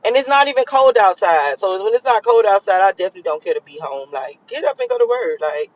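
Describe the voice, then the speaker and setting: A man's voice: high voice, animated, quick pace, highs cut off. A young man in a car, rambling and cursing as he reflects on his morning. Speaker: vlogger. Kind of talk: casual morning monologue while driving.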